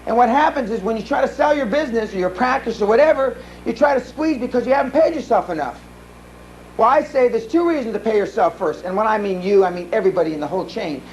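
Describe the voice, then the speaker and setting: A man's voice: high-pitched, quick pace, slight background noise, rough recording. A man giving a live seminar talk, telling blunt, profane stories full of restarts. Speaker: seminar speaker. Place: seminar room.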